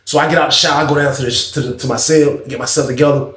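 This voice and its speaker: A man's voice: medium pitch, steady tone, very fast, a bit bright, reverberant. Slangy man in his thirties telling a story. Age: 30s. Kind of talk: casual storytime.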